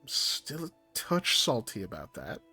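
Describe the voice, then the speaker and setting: A man voicing a suave male devil who flatters and gently mocks, with a voice pitched a bit above his own, in a tabletop game. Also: unhurried, faint music behind, heavily acted. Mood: teasing. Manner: smooth, flattering, gently mocking. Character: suave teasing male devil, generous patron.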